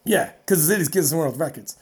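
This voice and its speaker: A woman strongman athlete from North America, telling a story in a casual interview, animated and rambling with fillers. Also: sits low, brisk, slightly rough.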